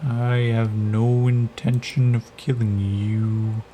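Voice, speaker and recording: A man voicing a soft, gentle spider-like creature. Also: lowish voice, a little hiss or hum. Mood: calm, gentle. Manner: slow, measured, calm.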